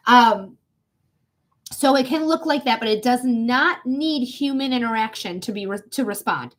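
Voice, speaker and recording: Young woman doing a live psychic reading, high voice, casual, swears a lot. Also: fairly bright tone. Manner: casual, blunt and swearing, talks straight to the viewer. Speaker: psychic reader.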